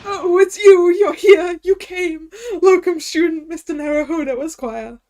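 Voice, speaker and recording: A woman's voice: very high voice, animated, moderate pace, pitched above the performer's own voice. A woman voicing an overexcitable, emotional young male writer who gushes. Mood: overjoyed, gushing. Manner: gushing, emotional.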